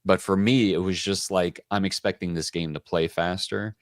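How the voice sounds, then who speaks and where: Deep-voiced man telling rambling stories. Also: steady tone, moderate pace, no echo, studio quality. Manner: rambling storyteller, acts out quoted dialogue. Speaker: co-host of a board game call-in show. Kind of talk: casual chat.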